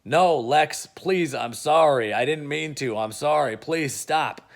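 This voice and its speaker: A man voicing a frightened young male clone who pleads and apologizes, a bit higher than his own voice. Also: animated, fairly quick. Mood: pleading.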